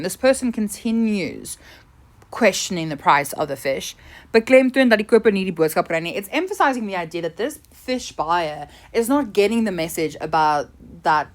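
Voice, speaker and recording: South African woman teacher, lower register, patient explainer who fades at line ends. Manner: explains, then translates between languages. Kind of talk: exam revision lesson.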